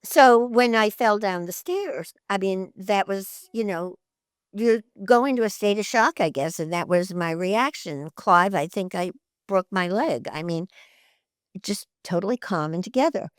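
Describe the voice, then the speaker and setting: An older actress, a guest in an interview, tells lively anecdotes, laughs often and acts out the voices of people in her stories. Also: medium pitch, measured pace, smooth, no room sound, studio quality.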